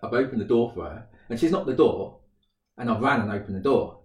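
A man's voice: mid-range voice, brisk. Guy in his 30s telling a funny story, lots of laughs, roomy echo. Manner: animated storyteller, laughs often, acts out quotes. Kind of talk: casual chat. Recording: roomy sound, mic a bit distant.

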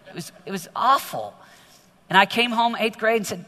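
A middle-aged man preaching to teenagers in a large hall, energetic and exhorting, often growing animated. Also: high-pitched, normal speed. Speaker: youth speaker. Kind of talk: sermon to teenagers. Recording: long hall reverb.

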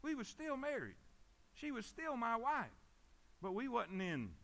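A man preaching a sermon. His voice is high and bright. He repeats himself for emphasis and keeps asking the congregation for an amen. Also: big pitch swings, a little slow, vocal fry. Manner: emphatic, repetitive, calls for amens. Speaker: pastor.

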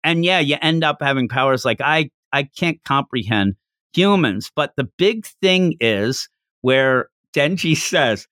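A man hosting a podcast, chatting casually and excitably about a comic chapter. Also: medium pitch, unhurried, dry recording, studio quality. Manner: excitable, jumps into quoted voices. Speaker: podcast host reviewing manga. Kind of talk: casual review chat.

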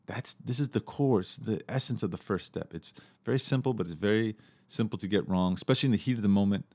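A man with a deep, low voice talks through everyday examples like a podcast teacher. His delivery is relaxed and loose, full of fillers and restarts. The sound is dry and close, with no room echo. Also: fast talker. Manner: relaxed, repeats himself, many fillers and restarts. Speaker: podcast host teaching communication. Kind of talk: casual explanatory teaching.

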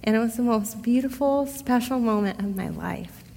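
A middle-aged woman telling a personal testimony in a casual, expressive way, speaking straight to her listeners. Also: on the high side, moderate pace, creaky, noisy background. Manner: conversational, expressive, addresses listeners directly. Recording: long hall reverb.

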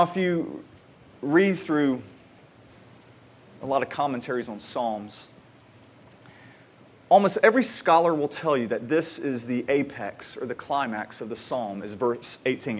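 This man, a pastor with a medium-pitched voice, gives a conversational sermon. He often repeats a word as a sentence begins, and he alternates between bursts of excited emphasis and slow, quiet reflection.

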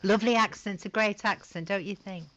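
A woman's voice: medium pitch, brisk, a bit bright, muffled recording. A woman hosting a podcast, chatting casually in a playful, teasing way and calling her guest "love". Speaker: podcast host.

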